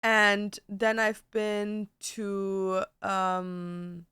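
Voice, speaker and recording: A woman's voice: mid-range voice, monotone, extremely slow, bright, forceful tone, clear, resonant tone, dry recording, studio quality. A young woman chatting casually on a livestream, peppering her talk with "like" and swearing. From Germany. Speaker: streamer. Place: home.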